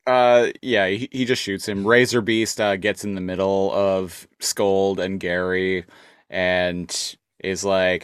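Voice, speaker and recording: Male podcast co-host, lowish voice, dry close recording, laid-back quips. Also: flat delivery, slow pace, smooth, dry recording. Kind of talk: casual comic recap chat.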